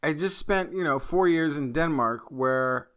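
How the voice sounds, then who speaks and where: Bright, higher-voiced joking man co-host. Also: unhurried. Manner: animated and joking, with stumbles and self-corrections. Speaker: science podcast co-host. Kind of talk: casual science chat.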